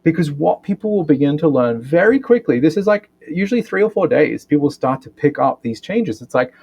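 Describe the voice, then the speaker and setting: This man's voice is fairly high and a little husky, with vocal fry, and he speaks a bit quickly. A physiotherapist and breathwork educator, he explains ideas animatedly in a podcast interview, tacking a questioning "right?" onto many of his points.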